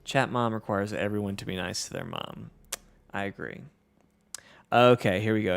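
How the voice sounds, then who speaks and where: A man's voice: on the low side, normal speed, creaky. A man with a Southern US accent hosting a casual gameplay livestream, reading chat aloud in an easygoing, self-deprecating way. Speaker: livestream host.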